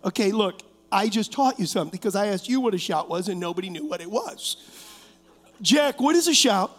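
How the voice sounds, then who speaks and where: A man preaching a sermon as pastor, animated, calling on members of the congregation and shouting out to show his point. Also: high voice, fairly quick. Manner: shouts to demonstrate, rising to loud bursts. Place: church sanctuary. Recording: long hall reverb.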